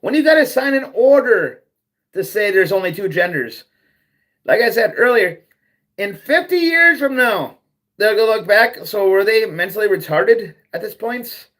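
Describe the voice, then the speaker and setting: A man's voice: high voice, animated, a little slow, fairly bright tone. A man hosting a livestream, ranting bluntly and profanely, repeating himself as he goes. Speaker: livestream host. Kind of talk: ranting monologue.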